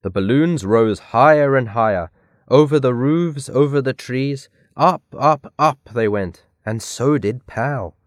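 A man reading a children's picture book aloud in a careful, clear read-aloud manner. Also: mid-range voice, a little slow, dry recording. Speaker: storybook reader. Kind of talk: scripted narration of a children's story.

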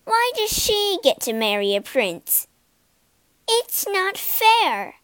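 A woman's voice: very high voice, sing-song, takes it slowly, a bit bright, dry recording, voice pushed up, full character voice. A woman doing whining, selfish sisters. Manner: wailing, sulky.

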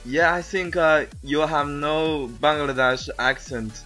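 A man with Chinese as his first language hosts an interview, picking his English words slowly and with care. His voice is bright and forceful. Faint music plays behind him. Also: a little high, steady tone. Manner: careful, halting non-native English. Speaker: podcast host.

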